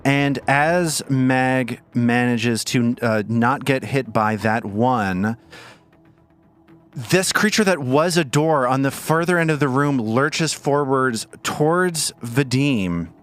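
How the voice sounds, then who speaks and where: A man's voice: medium pitch, slow, soft background music. A man running a tabletop game as game master, narrating scenes playfully and laughing often. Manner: playful, describes scenes vividly with frequent laughter.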